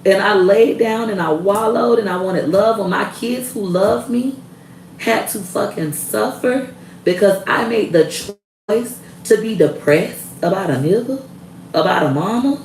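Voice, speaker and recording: A woman's voice: mid-range voice, measured pace, darkish tone, echoey room, far from the mic, a little hiss or hum, low-quality recording. A woman in her thirties ranting to camera in a blunt, heated, profane way. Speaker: vlogger. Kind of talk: casual rant to camera.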